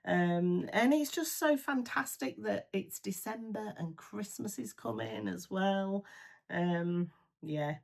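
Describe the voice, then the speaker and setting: A woman's voice: mid-range voice, slow, creaky. A woman, a first-time grandmother, chatting casually and gushing while doing her makeup, with plenty of ums. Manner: chatty and gushing, with many fillers. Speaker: beauty vlogger.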